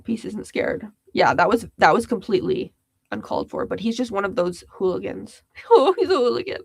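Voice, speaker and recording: A woman's voice: mid-range voice, very animated, a little fast, creaky, husky, dry recording. A young woman hosting a casual livestream, chatty and giggly, reading viewers' comments aloud. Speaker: livestream host.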